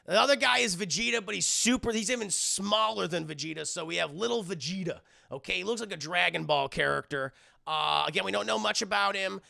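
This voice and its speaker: A man's voice: high voice, vocal fry, bright, forceful tone. A man recapping an anime episode for his live chat in a loose, swearing style, slipping into put-on voices for the characters. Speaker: streamer reviewing an anime episode.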